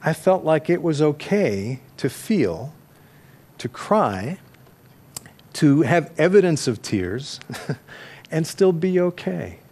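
A man's voice: a little high, sing-song, slow, long pauses, dark tone. A middle-aged man telling a personal story in a candid, self-deprecating way, often correcting himself and laughing at his own words. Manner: restarts and corrects himself mid-sentence.

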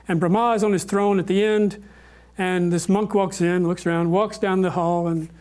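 High-voiced male lecturer, informal. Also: darkish tone. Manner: hesitant, with many fillers and restarts.

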